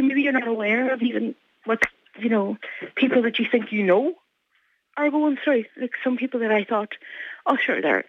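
A woman's voice: a little high, no room sound. Middle-aged Donegal woman, interview guest, earnest and faltering, over a dry phone line. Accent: Donegal Irish. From Ireland. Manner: earnest, halting, many restarts. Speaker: guest, mother.

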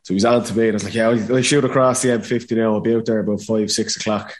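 A man's voice: on the low side, flat delivery, very fast. A man in his thirties with a Dublin Irish accent, telling a casual story as a podcast guest, full of acted quotes and laughter. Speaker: podcast guest, former footballer.

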